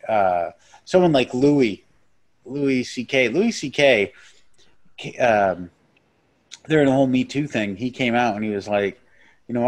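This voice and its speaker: A man, a stand-up comedian, chatting as a guest on a podcast in a blunt, rambling, profane way. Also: mid-range voice. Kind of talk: casual podcast chat.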